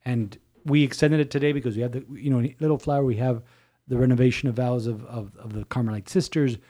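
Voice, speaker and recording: Brief: male priest co-host, animated storyteller, mid-pitched, chatty. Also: fast. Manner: animated storytelling, many restarts. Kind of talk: casual chat.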